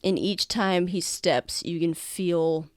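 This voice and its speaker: A woman narrating a tabletop game as game master in a casual, halting way with many fillers. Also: lowish voice, steady tone, dry recording, studio quality.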